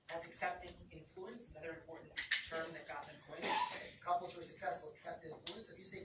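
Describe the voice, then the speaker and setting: Animated woman explaining, roomy distant sound. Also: fairly low pitch, fast talker, heavy background noise. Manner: animated, acts out quoted couples. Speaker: couples therapist. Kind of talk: explanatory talk on relationships.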